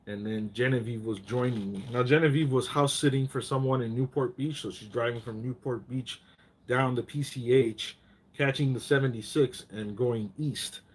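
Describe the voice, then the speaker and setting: A man's voice: mid-range voice, moderate pace, slightly rough. A man hosting a casual live chat, telling rambling stories full of profanity and getting worked up.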